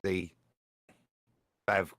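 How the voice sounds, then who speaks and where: A man on a live-stream panel chatting in a rambling, animated way. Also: drawn-out words, dry recording. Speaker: panel guest.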